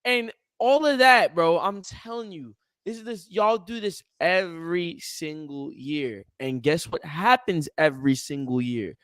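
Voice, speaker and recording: A young man co-hosting a casual sports podcast, animated and teasing, ranting in quick bursts at his co-host. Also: fairly high pitch, no room sound.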